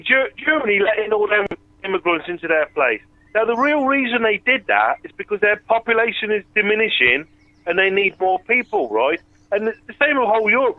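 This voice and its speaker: A man's high voice comes through a tinny, dry phone line. He is blunt and sweary and fires questions at the host. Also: sing-song, fairly quick, no room sound. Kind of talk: casual chat.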